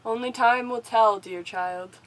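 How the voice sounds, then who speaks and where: A woman's voice: on the high side, unhurried, natural voice, rough recording. A woman acts out a lovesick stalker girl who is creepy and clingy at once. The voice turns theatrical and dramatic.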